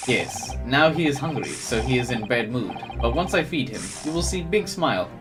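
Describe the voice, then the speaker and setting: A man's voice: medium pitch, expressive, moderate pace, lightly acted. A man voicing a blunt Russian woman who keeps a pet snake, in broken English with a put-on Russian accent, over game music.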